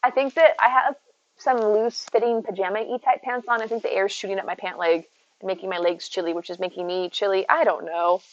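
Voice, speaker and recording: A woman's voice: medium pitch, fairly even intonation, fairly quick, lo-fi sound. A woman streaming from home, chatting casually and rambling to her viewers, reading and answering their messages by name. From United States. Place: home, indoors.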